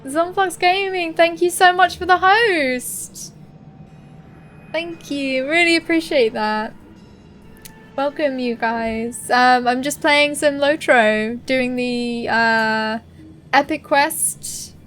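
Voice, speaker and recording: A woman's voice: high-pitched, slow pace, a bit bright, soft background music. A young woman streaming a game, chatting casually and giggling as she answers her viewers. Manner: friendly, giggly replies to chat. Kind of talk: casual live-stream chat.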